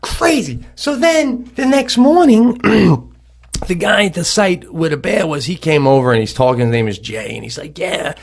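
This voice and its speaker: A man co-hosting a comedy podcast, telling a long story in an animated, rambling way, cursing and restarting his sentences. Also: on the high side, moderate pace, vocal fry. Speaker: podcast co-host. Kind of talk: casual storytelling.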